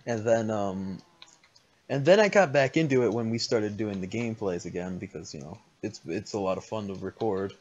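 A man's voice: on the low side, expressive, moderate pace, a little mellow. A young man chatting casually and playfully while playing a game, laughing often. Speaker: Let's Play gamer. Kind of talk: casual gaming chat. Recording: lo-fi game chat audio.

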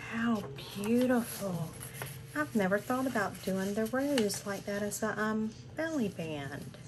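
Gushing older woman, slow-spoken. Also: medium pitch, lively intonation. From southern United States. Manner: gushing, breathless exclamations and gasps. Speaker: crafting channel host. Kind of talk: unboxing vlog. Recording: home recording with background noise.

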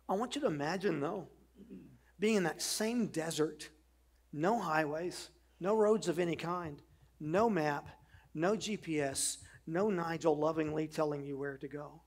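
Husky-voiced man preaching a sermon. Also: on the high side. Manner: earnest preaching, rhetorical questions, conversational asides. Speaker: pastor.

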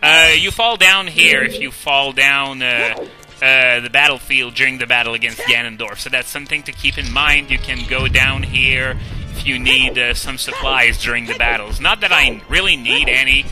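A man's voice: mid-range voice, moderate pace, rough recording. A young man giving casual gameplay commentary, chatty and self-deprecating, with frequent "uh"s and "um"s. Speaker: let's play commentator. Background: video game music.

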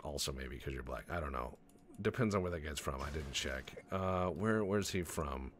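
Low-voiced man rambling over gameplay. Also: expressive, normal speed, slight background noise. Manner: rambling, profane, joking asides. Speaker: gaming channel host. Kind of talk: casual let's-play commentary.

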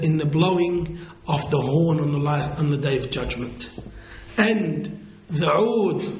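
Man lecturing in an echoey room. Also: on the high side. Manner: halting, restarts phrases, slow emphatic quotes. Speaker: Islamic lecturer. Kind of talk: storytelling lecture. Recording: echoey room with faint noise.

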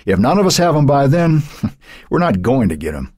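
A man's voice: mid-range voice, big pitch swings, moderate pace, a little mellow, no echo, clean studio sound, pitched above the performer's own voice. Man voicing a stern middle-aged stepfather. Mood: commanding. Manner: commanding, clipped.

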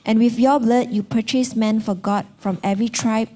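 Woman reading scripture, warm and mellow. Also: fairly high pitch, steady tone, moderate pace. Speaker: scripture reader.

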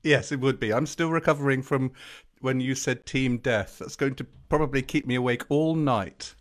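A man's voice: mid-range voice, moderate pace. A man co-hosting a children's sing-along livestream, playful and eager in his banter. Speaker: co-host and singer.

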